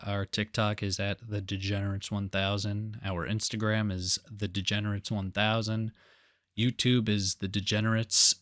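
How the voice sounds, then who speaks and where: A man's voice: lowish voice, smooth, dry recording, clean studio sound. Laid-back man on a crude comedy podcast. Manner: animated storytelling with acted-out quotes. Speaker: podcast co-host. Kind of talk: casual crude chat.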